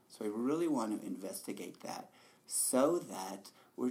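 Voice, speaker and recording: A man giving a relaxed, conversational dharma talk as a meditation teacher, often laughing softly. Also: on the low side, moderate pace, gravelly.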